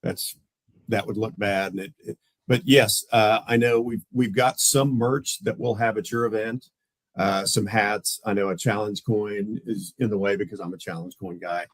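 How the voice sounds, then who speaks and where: A police lieutenant with a lowish voice tells stories at a normal speed in a casual podcast interview. He's animated and acts out the voices of the people involved. The recording is rough, with no echo.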